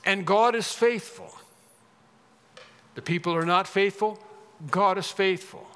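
A man preaching a sermon in a bright, fairly high voice that carries a lingering reverb from a large church hall. He presses his points hard and repeats key phrases, each time with more force. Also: unhurried, clear, resonant tone.

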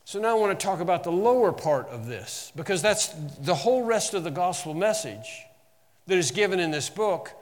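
A pastor giving an earnest teaching sermon. He slows down to stress key phrases and drops lower and quieter for asides. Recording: long hall reverb.

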